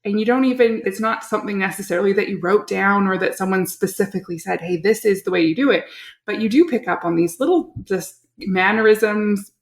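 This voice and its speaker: A middle-aged woman hosts a podcast, chatting casually and telling anecdotes. Her voice has a gravelly fry to it. The room around her rings with a noticeable echo. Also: mid-range voice, brisk. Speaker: podcast host. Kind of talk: casual chat. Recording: roomy echo.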